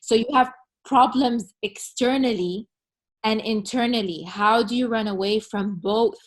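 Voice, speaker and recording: A woman's voice: a little high, a little slow. Young woman, chatty, storytelling, lots of "like", casual conversation. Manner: chatty, lively retelling with many "like"s.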